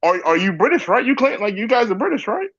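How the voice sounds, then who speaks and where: An American man argues on a live panel, his voice high and swinging widely as he makes his point. He talks bluntly and swears freely, and the sound is dry and a little muffled. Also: quick pace, no echo. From United States. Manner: blunt, profane, animated. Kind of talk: heated panel discussion.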